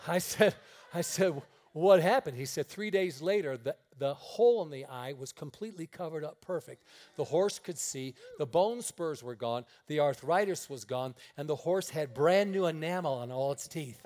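A high-voiced male preacher tells his stories from the pulpit. He acts out every exchange, shifting his voice for each person in the tale. The sermon is delivered for a radio broadcast. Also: moderate pace. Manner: animated storyteller acting out dialogue. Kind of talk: sermon storytelling.

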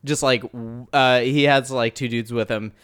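A man co-hosting a podcast, casually and excitedly recapping a kung fu film. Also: mid-range voice, moderate pace, clean tone. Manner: excited, animated retelling with acted quotes. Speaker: podcast co-host.

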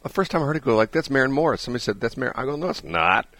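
A man's voice: mid-range voice, rapid-fire, no room sound. A man hosting a morning radio show, chatting casually and telling rambling stories with chuckles in a studio. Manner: rambling, animated storytelling with chuckles.

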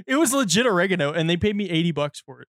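A young man and father co-hosting a podcast, talking in a quick, animated, jokey way. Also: sits high, heavy background noise. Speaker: podcast co-host. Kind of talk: casual chat.

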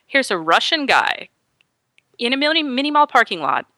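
Animated woman telling a story. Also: high-pitched, moderate pace, no room sound. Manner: animated, quotes people in voices. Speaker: guest storyteller. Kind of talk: casual storytelling chat.

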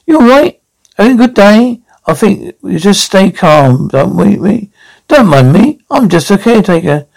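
A woman's voice: mid-range voice, sing-song, normal speed, vocal fry, darkish tone, poor audio. A woman playing a cheeky, foul-mouthed elderly grandmother who mocks and nicknames everyone in a comedy sketch. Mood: mocking. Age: older. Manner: mocking, name-calling, interrupting.

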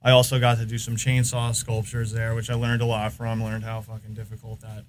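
A man's voice: on the low side, monotone, fairly quick, slight background noise. Rambling American man telling shop stories. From United States. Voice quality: rambling, filler-heavy storytelling. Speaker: podcast guest. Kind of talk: casual chat.

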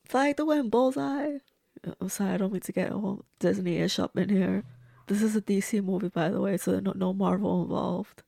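A woman's voice: medium pitch, flat delivery, fairly quick, vocal fry, warm tone, no room sound, studio quality. A woman giving casual, blunt, reactive commentary as she watches and reviews a movie. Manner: chatty, blunt and reactive, swears freely.

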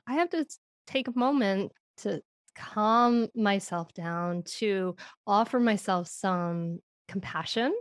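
A woman's voice: mid-range voice, moderate pace, dry recording, clean studio sound. A woman talking about parenting as a podcast guest. She tells stories with animation and laughs often. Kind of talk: podcast conversation.

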